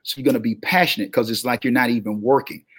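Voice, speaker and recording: A man with a heavy Southern drawl, a podcast guest speaking in an energetic, motivational, preacher-like cadence. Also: medium pitch, quick pace, husky, no room sound. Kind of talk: motivational interview talk.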